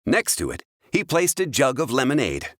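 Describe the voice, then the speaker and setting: Animated man reading a children's story. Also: medium pitch, normal speed, no echo, studio quality. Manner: clear, expressive storytelling. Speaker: storybook reader. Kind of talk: children's storybook read-aloud.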